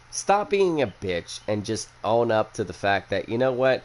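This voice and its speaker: A man's voice: fairly low pitch, very animated, normal speed, few pauses. A young man hosting a casual chat, who rambles bluntly and swears a lot after a few drinks. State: has been drinking. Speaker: podcast host.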